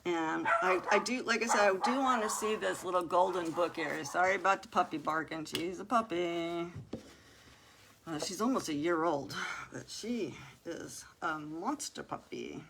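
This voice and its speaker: A woman's voice: lowish voice, normal speed, vocal fry, background noise. Chatty older woman, crafting host. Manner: chatty, talks straight to viewers, exclaims and laughs often. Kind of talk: casual crafting livestream chat.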